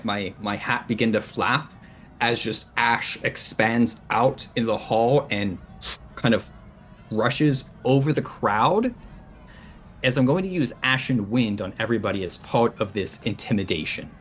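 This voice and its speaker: A man playing a tabletop game, describing his moves in halting, restarting speech. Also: mid-range voice, fairly bright tone, slight background noise. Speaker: player. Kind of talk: casual tabletop game talk.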